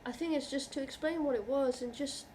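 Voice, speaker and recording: A woman vlogger talking to camera in an earnest, reassuring way, halting and restarting often as she speaks from the heart. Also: sits high, mellow, a little hiss or hum. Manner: heartfelt, openly emotional. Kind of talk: personal talk to camera.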